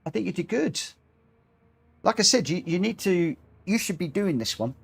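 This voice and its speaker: A man's voice: high voice, lively intonation, moderate pace, creaky, husky. A man hosting a live racing game stream, talking in a chatty, rambling, self-deprecating way. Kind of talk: casual live-stream commentary.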